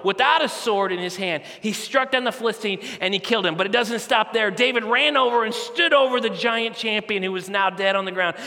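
A man preaching a sermon as a campus pastor, telling a story with animated, conversational asides in a large church auditorium. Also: sits high. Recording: reverberant large hall.

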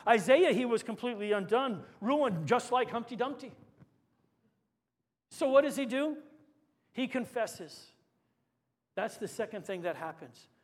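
A man, a pastor, preaching a sermon with swings between forceful lines and hushed, quiet emphasis. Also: very high-pitched, animated, a little slow, pauses often. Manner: dynamic preaching, dropping to hushed tones for emphasis.

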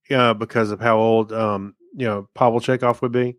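A man co-hosting a casual podcast, retelling his own reactions in a relaxed way. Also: lowish voice, normal speed, dry recording, studio quality. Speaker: podcast co-host. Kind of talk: casual chat.

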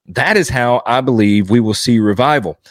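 A man's voice: medium pitch, normal speed, dry recording, studio quality. A man giving earnest devotional teaching as a Baptist preacher, exhorting his listeners and driving points home with repetition.

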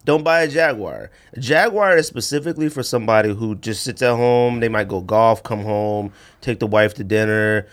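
A man's voice: normal speed, hardly any pauses. A man co-hosting a podcast in casual chat, telling a story animatedly, acting out quotes and saying bruh and man a lot. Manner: animated storyteller, acts out quotes with big pitch jumps. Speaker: podcast co-host.

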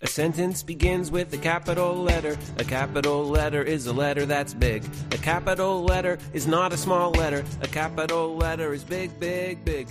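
A man's voice: on the high side, fairly even intonation, normal speed, few pauses, pitched above the performer's own voice, close to an everyday voice. A man performing a cheerful, sing-song grammar lesson over music.

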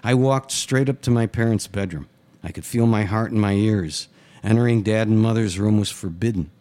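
Male author reading first-person fiction, matter-of-fact; lower pitch. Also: normal speed, mellow. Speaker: writer reading his fiction.

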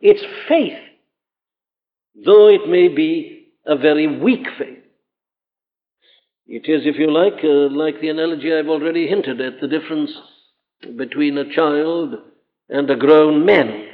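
A man's voice: on the high side, unhurried, long pauses. A man preaching a sermon, earnest and emphatic, his voice climbing sharply when he presses a point. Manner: earnest, emphatic, rising to exclamations. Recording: tinny phone-like old hall recording with long reverb.

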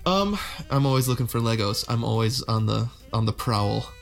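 A man's voice: medium pitch, expressive, moderate pace, vocal fry, soft background music. A young man co-hosting a podcast in a casual, jokey chat, laughing easily. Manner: easygoing, jokey, laughs often. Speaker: podcast co-host.

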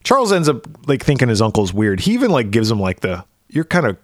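A man's voice: on the low side, wildly swooping pitch, fast, no room sound, studio quality. A man co-hosting a podcast, animatedly retelling a film with frequent laughs. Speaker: podcast co-host. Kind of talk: casual chat.

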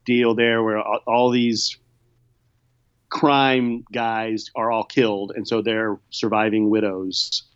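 A man's voice: lowish voice, little pitch movement, takes it slowly, clear, resonant tone, muffled recording. A man co-hosting a casual movie-review chat, easygoing and hesitant, hedging often. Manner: easygoing, hesitant, lots of fillers. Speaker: podcast co-host reviewing movies.

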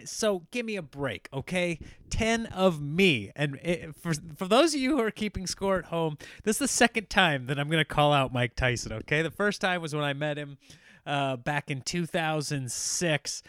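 A man hosting a podcast, telling rambling stories in a casual, animated way and laughing often. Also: mid-range voice, clean tone, no echo, studio quality. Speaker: podcast host. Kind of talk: casual storytelling monologue.

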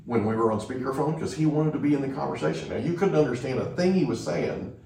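A man's voice: mid-range voice, quick pace, gravelly, recorded from a distance. Male host who tells stories and keeps checking in with "right?", recorded in a very echoey room well back from the mic. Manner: animated storyteller, frequent "right?". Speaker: podcast host. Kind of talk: storytelling in a conversation.

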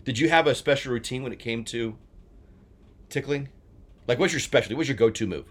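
A man in his forties from New Jersey, co-hosting a casual chat and telling stories he acts out with shouts. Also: medium pitch, a little fast. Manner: animated storyteller, acts out shouts. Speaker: podcast co-host.

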